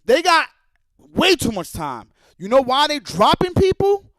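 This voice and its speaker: A man's voice: extremely high pitch, wildly swooping pitch, a little slow, a bit bright, no room sound. A man streaming live, ranting in a profane, heated and repetitive way. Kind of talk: livestream rant.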